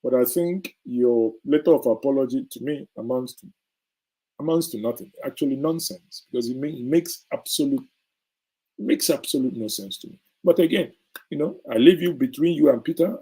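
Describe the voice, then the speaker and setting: A man's voice: medium pitch, moderate pace, dark tone, husky, poor audio. A middle-aged man gives indignant, sarcastic political commentary as a show host, hammering his points with emphatic repetition.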